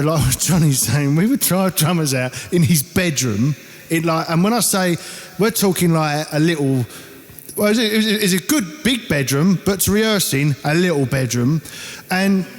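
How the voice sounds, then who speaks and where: A man with an Essex accent telling an animated, sweary band anecdote in casual conversation. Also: on the high side, moderate pace, long reverb tail. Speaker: band member. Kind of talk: casual storytelling.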